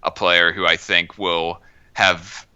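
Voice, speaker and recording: A man giving measured, analytical soccer commentary on a podcast. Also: sits low, little pitch movement, bright, forceful tone, clean tone, dull audio. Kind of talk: podcast discussion.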